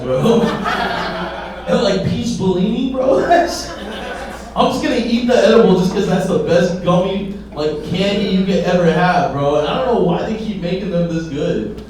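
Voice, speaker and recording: A man doing a stand-up set on a comedy club stage, slangy and casual. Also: sits high. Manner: slow, lively delivery with casual slang. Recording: roomy club, far mic, crowd laughter.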